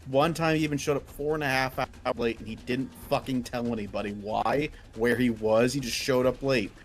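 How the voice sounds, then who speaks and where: A man's voice: medium pitch, fairly even intonation, fairly quick. A man chatting casually as a guest, telling a work story in a laid-back, swearing way. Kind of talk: casual chat.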